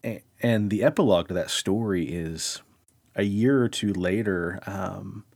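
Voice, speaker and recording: A man co-hosting a podcast, telling a long personal story in casual chat, rambling and animated, full of "like" fillers. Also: deep voice, measured pace, vocal fry, no echo, clean studio sound. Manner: rambling, animated, heavy use of "like". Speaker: podcast co-host.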